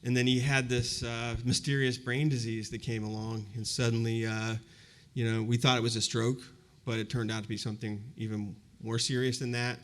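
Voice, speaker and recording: A man's voice: medium pitch, level tone, moderate pace, few pauses. A man in his fifties telling a personal story in a conversational, reflective way during a university talk, with frequent fillers. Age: 50s. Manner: conversational and reflective, many fillers like "you know". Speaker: university presenter. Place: university event before a live audience.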